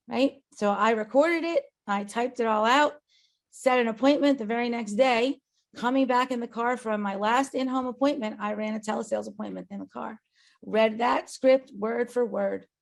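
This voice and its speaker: A woman gives an earnest motivational talk to her colleagues on a company call. Her voice sits a little high and has a gravelly edge. She speaks emphatically and keeps checking in with her listeners. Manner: emphatic, earnest, tag questions. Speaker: agency owner.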